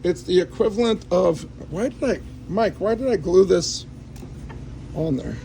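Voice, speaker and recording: A man's voice: high voice, animated, measured pace, gravelly, warm tone, a little hiss or hum, low-quality recording. A man casually giving a rambling, joking tour of his cluttered space, talking straight to a friend.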